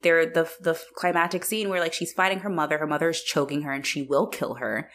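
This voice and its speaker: A woman's voice: sits low, steady tone, brisk, a bit bright. A woman co-hosting a casual chat about a film, joking playfully and filling her sentences with likes. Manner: playful, jokey, uses lots of likes. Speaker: podcast co-host.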